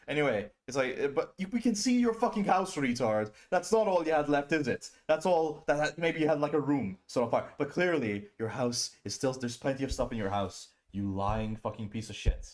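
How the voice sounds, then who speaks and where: A man ranting as a streamer host in stream commentary, profane and scornful, often mocking people in a whiny high voice. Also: animated, brisk, hardly any pauses.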